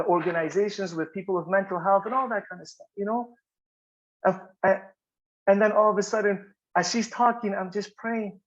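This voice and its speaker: A man's voice: high-pitched, dull audio. A man giving a heartfelt personal testimony at a workshop, talking earnestly, repeating himself and often asking "you know?" and "right?". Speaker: workshop speaker sharing recovery story.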